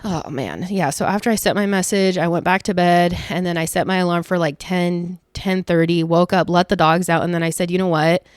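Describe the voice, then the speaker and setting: A woman's voice: fairly low pitch, steady tone, fairly quick, hardly any pauses, no echo, clean studio sound. A young woman vlogger chatting casually to her viewers, telling a story with lots of fillers and quoted asides. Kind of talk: casual chat to camera.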